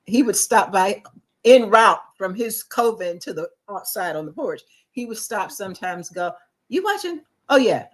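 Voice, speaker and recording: At normal speed and in a mid-range voice, a middle-aged woman co-hosting a talk show tells a story from her life. She's animated, acts out quoted voices, and restarts her sentences often.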